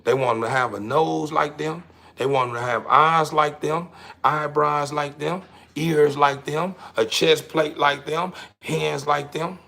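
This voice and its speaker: A man hosting his own show, delivering a casual, emphatic monologue to the camera that he keeps repeating himself through, swinging between loud and quiet. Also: on the high side, steady tone, measured pace, gravelly.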